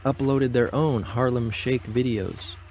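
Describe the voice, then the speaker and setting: A man narrating a scripted documentary text in a measured, even reading voice. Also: mid-range voice, music in the background.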